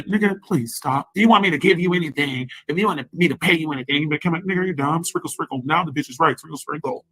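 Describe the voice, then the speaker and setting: Husky woman going off on a rambling rant, cursing and taunting over and over. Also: deep voice, fast, hardly any pauses, a bit bright, no echo, rough recording. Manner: profane, rambling, repetitive taunting. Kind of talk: angry rant.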